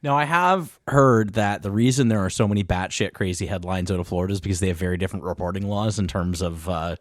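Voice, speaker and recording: Deep-voiced podcast guy, rambly and quick when he gets going, dry mic. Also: dry recording. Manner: rapid, rambling, laughs often. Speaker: podcast co-host. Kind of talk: casual chat.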